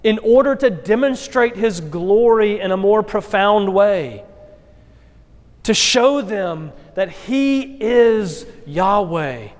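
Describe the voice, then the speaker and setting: A pastor delivering a sermon, telling the story with expressive acted quotes. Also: male voice, sits high. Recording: long hall reverb.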